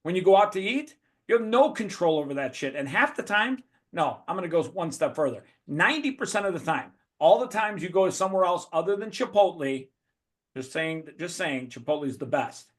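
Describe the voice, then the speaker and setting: A man's voice: high-pitched, expressive, brisk. A man giving a blunt, profane motivational talk as a guest speaker over a video call.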